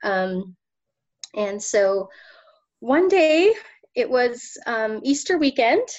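A woman's voice: on the high side, sing-song, extremely slow, a little mellow. A woman in her thirties, a political candidate telling her story in an interview, passionate and emotional, often laughing as she talks. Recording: slightly dull lo-fi audio.

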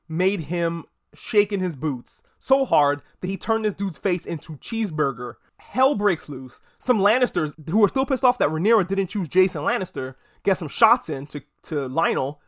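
High-pitched guy podcasting, gossipy and swearing a lot, super animated recap vibe. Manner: animated, profane, gossipy storytelling with quick mock voices. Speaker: podcast host. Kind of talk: casual episode recap.

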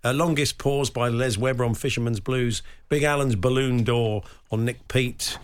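A man co-hosting a radio sports talk show, bantering and teasing in a quick, jokey way. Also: medium pitch, steady tone, smooth.

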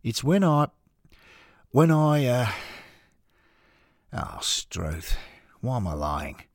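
A man's voice: medium pitch, sing-song, dry recording, clean studio sound, voice pushed up, heavily acted. A man doing a downcast Australian ex-footballer. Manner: halting, hesitant, subdued.

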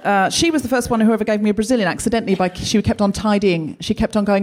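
A woman's voice: mid-range voice, quick pace, hardly any pauses, darkish tone. A woman from Australia hosting a live show, telling self-mocking comic stories in a chatty way. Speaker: podcast host. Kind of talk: live stand-up comedy monologue.

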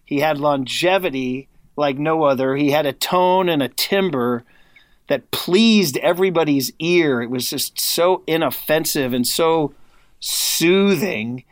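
A man from the United States chatting on a podcast, telling stories with excitement and loudly acting out quotes he remembers. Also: a little high, unhurried, no room sound. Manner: excited storyteller, acts out quoted commentary loudly. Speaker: guest contributor. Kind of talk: casual podcast chat.

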